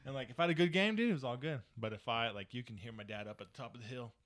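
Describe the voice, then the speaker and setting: A man's voice: medium pitch, very fast. A man in his thirties chatting on a casual podcast, with a mid-range voice. He tells stories with energy, acts out the people in them and swears freely. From moved to Texas. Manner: animated storyteller, acts out quotes, swears freely. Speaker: podcast co-host. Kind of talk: casual chat.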